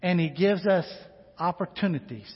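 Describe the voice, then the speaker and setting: A man with a fairly high, husky voice preaches a sermon in a church sanctuary, dropping to quiet, intimate asides and then climbing into loud, ringing exhortation. His voice trails off into a long hall reverb, and the recording sounds dull and lo-fi. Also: moderate pace. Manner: swings between hushed, intimate asides and loud, rising exhortation. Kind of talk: sermon with personal storytelling.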